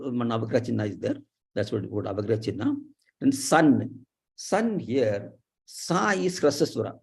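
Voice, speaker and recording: A man teaching Sanskrit pronunciation, drawing syllables out slowly with many pauses and fillers. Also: on the high side, a little mellow, slightly rough. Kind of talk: explaining slowly, letter by letter.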